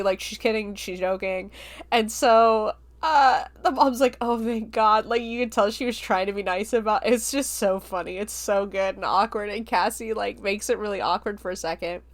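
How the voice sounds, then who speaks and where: Female podcast host, mid-pitched voice, rambling casual film recap. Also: moderate pace. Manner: chatty, filler-heavy retelling with frequent likes and laughs.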